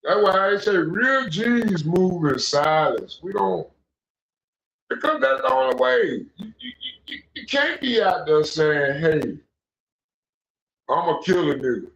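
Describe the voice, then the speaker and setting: A young man hosting a casual livestream panel, telling stories in an animated, slangy way. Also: on the high side, a little slow. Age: young adult. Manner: animated ranting storyteller, slangy. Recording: echoey, dull lo-fi audio.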